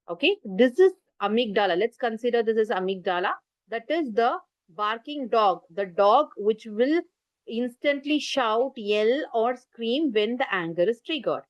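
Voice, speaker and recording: An Indian English-accented parenting workshop speaker delivers an online class by video call, gesturing as she explains and asking people to type in the chat. Her voice is on the high side, lively in intonation and unhurried. The muffled, lo-fi recording has no room sound.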